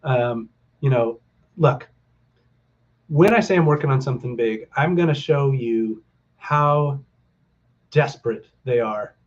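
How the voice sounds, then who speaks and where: A man's voice: mid-range voice, unhurried, long pauses, highs cut off. A middle-aged man hosting a casual livestream for his viewers, rambling and upbeat, with lots of fillers and a rallying tone. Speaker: stock market livestream host.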